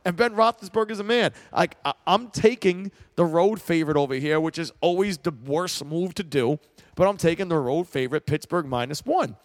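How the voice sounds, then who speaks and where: A man hosting his own sports podcast, talking in a loose, rambling way with casual swearing. His voice sits a little high for a man and sounds dry and close, with almost no room around it. He gets worked up when he argues a point. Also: normal speed, no echo. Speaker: podcast host. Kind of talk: solo sports talk podcast.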